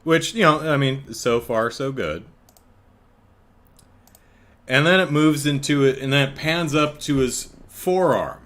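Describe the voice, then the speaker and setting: Wry, slow-talking male podcast host. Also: medium pitch, fairly bright tone. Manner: chuckling, wry storytelling with frequent restarts. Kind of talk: casual solo podcast chat. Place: home, apartment.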